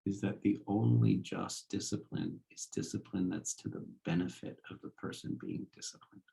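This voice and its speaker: Low, gravelly male philosophy lecturer. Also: wildly swooping pitch, moderate pace, mellow. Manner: conversational, checks in with rhetorical "right?". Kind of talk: casual spoken lecture.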